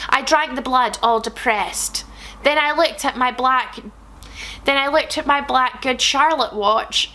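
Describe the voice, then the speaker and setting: A young woman comedian reading bad fan fiction aloud, animated and sarcastic, swearing freely. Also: high-pitched. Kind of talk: comic read-aloud.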